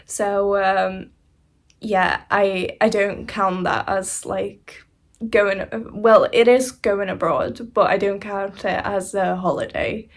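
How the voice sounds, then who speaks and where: Young woman vlogger from Hungary, casual storytime, chatty and rambling, mid-pitched. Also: steady tone, slow pace, creaky. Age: young adult. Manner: rambling, chatty, frequent fillers and soft laughs. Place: indoors at home, seated beside laptop.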